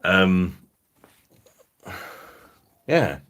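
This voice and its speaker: A man's voice: deep voice, very animated, very slow, a bit bright. Crude, jokey man live streaming. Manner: crude, jokey, laughing often. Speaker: livestream host. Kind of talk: casual live stream chat.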